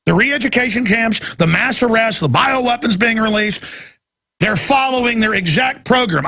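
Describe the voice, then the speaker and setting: Raspy, ranting talk radio host. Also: male voice, high-pitched, pushed and bright. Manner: angry, sarcastic and emphatic.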